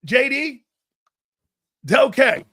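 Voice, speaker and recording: A man hosting a live sports talk show, brash and animated, talking back to his chat and laughing at himself. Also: extremely high pitch, very slow, husky.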